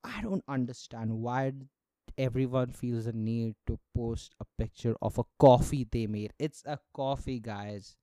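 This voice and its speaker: A young man rants through his solo podcast, sarcastic and full of swearing, laughing as he goes. His voice is mellow and smooth, recorded dry and close. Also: mid-range voice, measured pace, dry recording. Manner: sarcastic, profane, laughs often. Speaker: podcast host. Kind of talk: casual solo podcast rant.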